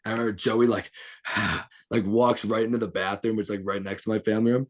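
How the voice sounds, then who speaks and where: A man's voice: lowish voice, steady tone, fast talker. A young man telling rowdy, profane stories as a guest on a casual podcast, laughing as he goes. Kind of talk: casual storytelling chat.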